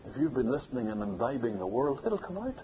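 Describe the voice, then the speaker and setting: A man preaches with insistent repetition, his voice climbing to forceful loud peaks. The sound is thin and phone-like, with a faint hiss underneath. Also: mid-range voice, very animated, fast. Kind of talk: sermon.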